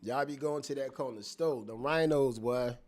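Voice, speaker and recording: A man giving casual, profane commentary, animated and laughing, repeating phrases as he reacts. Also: mid-range voice, moderate pace. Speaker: commentator reacting to court testimony.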